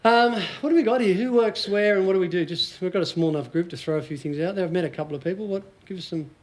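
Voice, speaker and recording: A man's voice: high-pitched, fast talker, darkish tone. A middle-aged Australian man with an Australian accent, giving a joking, storytelling motivational talk to a small audience. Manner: jokey, storytelling, laughs often. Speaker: motivational speaker.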